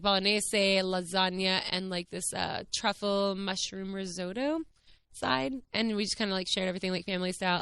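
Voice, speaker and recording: A young woman with a light drawl tells a story to her listeners as a podcast host. She talks in an excited, breathless way, full of "like" and amazed asides. Her voice is smooth and clear. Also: medium pitch. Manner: gushing, excited, peppered with "like" and "what is happening". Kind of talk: casual storytelling monologue.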